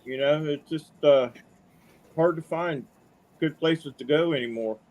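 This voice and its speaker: A middle-aged man with a somewhat high-pitched voice tells stories on a call-in show. His talk is chatty and folksy, full of casual asides. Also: measured pace, a little mellow. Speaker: caller. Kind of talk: casual storytelling.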